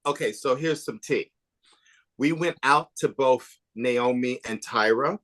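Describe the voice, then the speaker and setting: A man being interviewed on a podcast, telling behind-the-scenes stories in an animated, gossipy way, swinging between emphatic bursts and hushed asides. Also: medium pitch, measured pace. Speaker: podcast guest, author and documentary maker. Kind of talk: casual interview chat.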